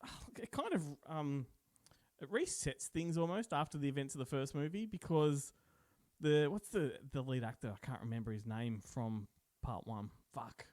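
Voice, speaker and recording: A man's voice: medium pitch, animated, normal speed, darkish tone, no echo. Guy hosting a movie podcast, laughs a lot, dead dry sound. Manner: laughs often, chatty and enthusiastic. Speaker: podcast host. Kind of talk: casual movie chat.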